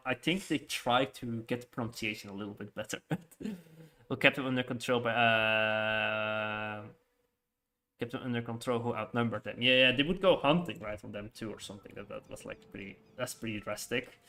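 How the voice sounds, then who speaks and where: A man streaming a city-building game in casual chat, rambling with lots of fillers and quick laughs. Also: mid-range voice, bright, forceful tone. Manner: rambling, hesitant, full of fillers and frequent laughs. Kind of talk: casual live-stream chat while playing.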